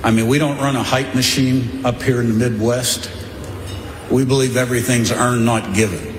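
A man speaking as a college football head coach at a press event, blunt and boastful, pausing on fillers. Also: mid-range voice, fairly even intonation. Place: media day event room. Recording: echoey hall, faint room noise.

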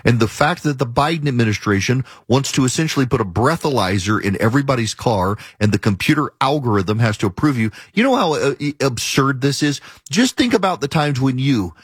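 A man's voice: medium pitch, expressive, a little fast, hardly any pauses, husky, no echo, clean studio sound. A man hosting a talk radio show, delivering an emphatic, argumentative monologue and hammering his points home by repeating them. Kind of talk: opinionated monologue.

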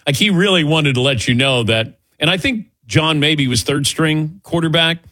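A man's voice: fairly high pitch, moderate pace, sharp tone, no room sound. Male radio host, rambling casual delivery, dead-dry studio sound. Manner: rambling, loose, with restarts. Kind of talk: casual sports talk.

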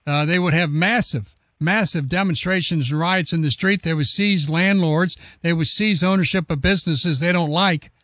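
A man hosting political talk radio, laying out points in a steady, lecturing way. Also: fairly high pitch, normal speed, few pauses, no echo, clean studio sound.

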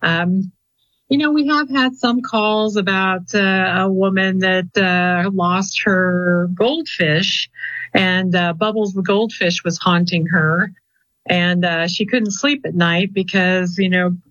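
A woman's voice: mid-range voice, steady tone, takes it slowly, a bit bright, no echo. A chatty woman in an interview who rambles through her stories with plenty of "you know"s. Her voice comes through a muffled, lo-fi recording and sounds close and dry, with no room around it. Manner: chatty and storytelling, with many fillers. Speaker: client coordinator of a ghost-hunting group. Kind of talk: casual interview chat.

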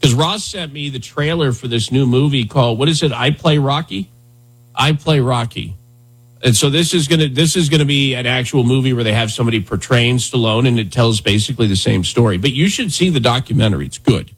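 Husky-voiced man rambling on talk radio. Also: mid-range voice, a little fast. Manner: rambling, conversational, lots of fillers. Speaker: radio talk show host. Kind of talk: casual talk radio chat.

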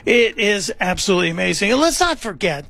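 A man's voice: high voice, big pitch swings, fast talker, vocal fry, a bit bright. A middle-aged man hosting political talk radio, delivering sarcastic, mocking commentary. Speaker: radio talk show fill-in host.

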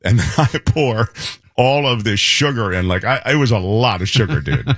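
A man co-hosting a show, telling a lively anecdote in casual chat and imitating people as he goes. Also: mid-range voice, normal speed, dry recording, studio quality. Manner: animated anecdote teller, imitates voices.

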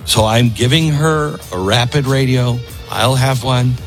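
A man's voice: medium pitch, steady tone, measured pace, soft background music. A middle-aged man hosting a talk radio show, speaking in an emphatic, conversational way with a self-deprecating edge.

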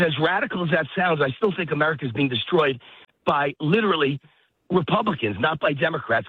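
A man's voice: on the high side, husky, dry recording. A man talking heatedly over the phone while out of breath from walking his dog outdoors, ranting with emphatic repetition. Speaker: guest commentator. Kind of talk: phone-in political talk. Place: outdoors in a park. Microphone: phone line. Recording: tinny phone line, dry.

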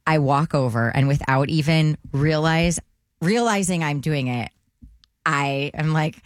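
A woman co-hosting a morning radio show, telling a family story in lively casual chat. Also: deep voice, unhurried, no room sound, clean studio sound. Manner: animated storyteller.

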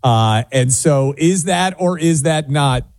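A man's voice: fairly high pitch, animated, slow, darkish tone, no room sound. A male radio talk show co-host in casual, opinionated banter, owning up to his own biases. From United States. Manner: opinionated, confessional, self-deprecating.

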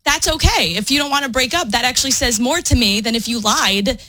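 A woman's voice: on the high side, brisk, pushed and bright, poor audio. A woman co-hosting a radio show, earnestly explaining a personal view. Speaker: radio co-host. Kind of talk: casual radio storytelling.

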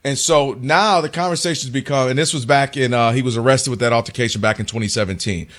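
A man with a mid-range voice hosts a casual sports talk show. He tells stories in an animated, conversational manner. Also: medium pitch, quick pace. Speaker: co-host.

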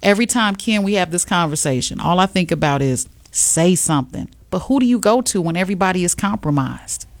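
A woman hosts an afternoon radio show, chatting with a co-host in an animated, emphatic way. Her voice sits at a middle pitch. It is recorded dry and close, with no room sound. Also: fairly quick, hardly any pauses, no echo. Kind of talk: casual radio chat.

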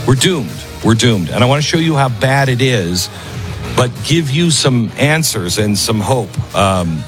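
A man hosting a talk show, speaking earnestly and emphatically and repeating phrases for stress. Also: lowish voice. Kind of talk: radio talk monologue.

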